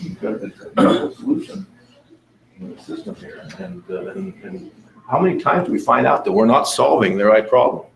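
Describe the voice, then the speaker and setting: A man presenting at a conference, asking the audience questions and speaking haltingly with many fillers. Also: medium pitch, very animated, gravelly. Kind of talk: interactive conference talk. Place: conference room. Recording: echoey room.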